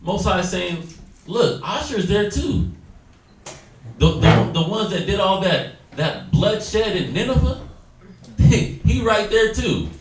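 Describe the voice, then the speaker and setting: A man's voice: sits high, animated, slow pace. A man teaching a Bible study class, exhorting his listeners and acting out quoted dialogue. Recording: echoey room, distant mic, faint noise.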